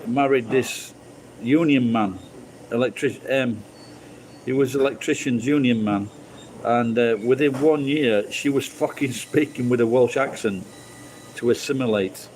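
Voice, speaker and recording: A man's voice: medium pitch, measured pace, darkish tone, slight background noise, low-quality recording. British male streamer, casual and profane, rambling chat. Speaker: livestream host chatting with viewers.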